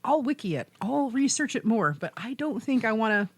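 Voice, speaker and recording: A woman's voice: fairly high pitch, lively intonation, a little fast, slightly rough, dry recording. A woman co-hosting a casual podcast chat, talking in a chatty way, laughing often and restarting her sentences. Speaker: podcast co-host.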